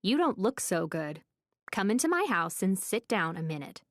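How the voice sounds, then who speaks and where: A woman voicing a kindly, matter-of-fact old woman psychic in an audiobook, speaking slowly and soothingly. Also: on the low side, very animated, no echo, studio quality. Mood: concerned. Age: older. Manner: slow, soothing, motherly, calls everyone dear.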